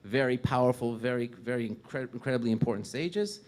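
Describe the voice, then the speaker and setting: Man, rabbi, sermon, storytelling, louder when quoting. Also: mid-range voice, fairly quick. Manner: storytelling, rising loud when quoting figures.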